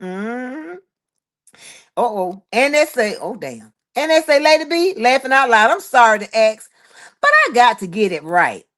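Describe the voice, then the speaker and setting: Chatty woman livestream host, a bit high-pitched, reads chat and calls everyone honey. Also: big pitch swings, measured pace, a bit bright. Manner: chatty, calls listeners honey, child and boo. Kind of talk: casual livestream chat reading viewer comments.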